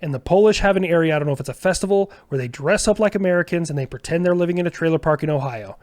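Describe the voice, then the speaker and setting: A man's voice: a little high, rapid-fire, a little mellow. A man as a podcast guest in casual chat, eager and full of "like" fillers. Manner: eager, filler-heavy, lots of "like".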